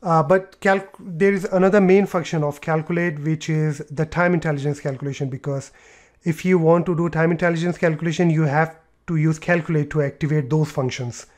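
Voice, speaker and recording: A man explaining a software tutorial step by step, with fillers and repeated words as he clicks through. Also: a little high, steady tone, a little fast. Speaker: tutorial presenter. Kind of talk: screen-recorded software tutorial.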